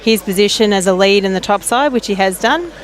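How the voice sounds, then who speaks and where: A woman, a relaxed and friendly guest commentator chatting about lawn bowls outdoors at a club. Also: medium pitch, brisk, a little hiss or hum. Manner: relaxed and friendly, laughs easily. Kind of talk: casual commentary chat.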